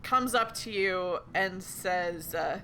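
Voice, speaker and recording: A woman's voice: medium pitch, expressive, normal speed, pushed and bright, slight background noise. A woman facilitating a tabletop role-playing game, chatty and full of fillers. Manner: chatty, many ums and likes, giggly.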